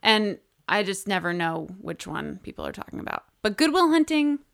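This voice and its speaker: A woman talking casually with friends at an ordinary pitch. Her humor is dry and wry. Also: very animated, moderate pace, gravelly, a bit bright. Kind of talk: casual chat.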